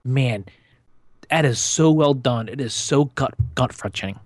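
A man co-hosting a podcast in casual chat, blunt and joking, with quick opinions. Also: medium pitch, darkish tone, no echo, studio quality. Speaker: podcast co-host.

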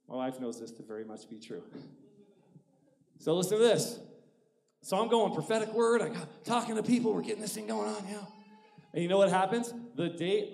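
A man in his forties preaching a sermon, telling a personal story in an animated way that swings between loud and hushed. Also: high-pitched. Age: 40s. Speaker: pastor. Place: church auditorium. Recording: echoey church hall.

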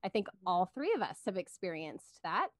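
A woman's voice: fairly low pitch, big pitch swings, moderate pace, no room sound. Woman, podcast guest, earnest and giggly, dry close mic. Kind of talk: casual faith-based podcast chat.

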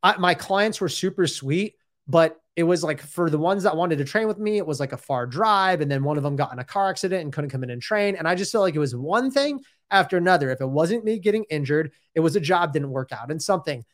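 A man's voice: a little high, lively intonation, a little fast. A man in his thirties telling his own story in a casual, rambling and candid way, often saying "dude" and "like".

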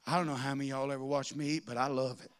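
A man's voice: medium pitch, little pitch movement, very fast. A man preaching a sermon, telling folksy stories that rise into fervent preaching.

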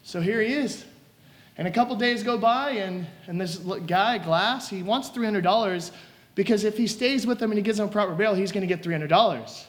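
Male preacher, high voice, lively storytelling sermon, acts out scenes. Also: brisk.

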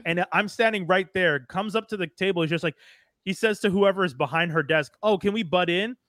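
A high-pitched man with a bright, forward voice chats on a livestream podcast, dry and close on the mic. He is from Montreal and tells stories with lively acted-out quotes. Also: a little fast, dry recording. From Montreal, Canada. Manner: animated storyteller who acts out quotes. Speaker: podcast co-host. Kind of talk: casual livestream chat.

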